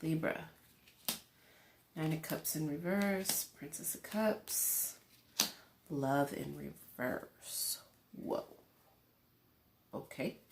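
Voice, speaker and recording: A woman's voice: low-pitched, extremely slow, creaky, long pauses, darkish tone, reverberant, slight background noise. A woman host giving a casual tarot reading to a camera at home, rambling and chatty with lots of fillers. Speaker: tarot reader. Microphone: camera in front of her.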